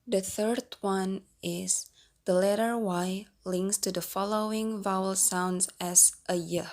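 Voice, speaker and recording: Young woman, Indonesian accent, student presenter; slow, deliberate, repeats every example. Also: mid-range voice, fairly even intonation, darkish tone. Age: young adult. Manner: careful, repeats each example twice. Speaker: student presenting a pronunciation test. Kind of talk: slow recited class presentation.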